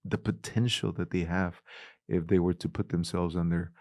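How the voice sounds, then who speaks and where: A middle-aged man with a Spanish-influenced accent, a youth ministries director telling animated stories in an interview and acting out the dialogue. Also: low voice, normal speed, dry recording, clean studio sound. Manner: animated storyteller, acts out quoted dialogue. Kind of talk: conversational interview.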